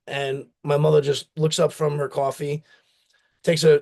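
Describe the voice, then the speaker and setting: A man's voice: fairly high pitch, level tone, brisk, darkish tone. A man, a company founder from the United States, telling rambling stories with acted-out quotes in a casual interview. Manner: rambling, anecdotal, acts out family quotes.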